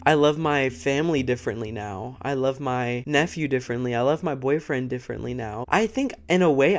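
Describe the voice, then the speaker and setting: A young man hosting a true crime podcast, talking casually and earnestly to camera, emotional and a bit sick, laughing between thoughts, close to the microphone. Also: medium pitch. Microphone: close studio microphone.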